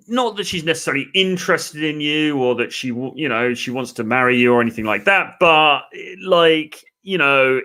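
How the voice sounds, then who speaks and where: A man's voice: mid-range voice, pushed and bright. An English man giving dating advice in a casual, chatty live stream, with lots of fillers. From England. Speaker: dating coach. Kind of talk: live-stream coaching talk.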